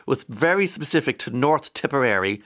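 Hosting a morning radio show into a studio mic, an Irish man from County Monaghan speaks with a medium-pitched, slightly bright, animated voice at a slightly quick pace. His casual chat rambles, and he reads listeners' texts aloud in a chatty way.

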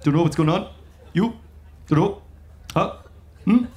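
A man doing a sighing, deadpan radio host. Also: high voice, measured pace. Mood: weary. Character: weary, sighing middle-aged male radio host. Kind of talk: stand-up impression.

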